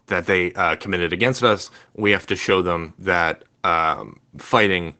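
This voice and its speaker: A man's voice: deep voice, steady tone, unhurried, bright, forceful tone. A Canadian man co-hosting a podcast from home, talking casually with lots of fillers and hesitations. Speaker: podcast co-host. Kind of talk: casual chat. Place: home room.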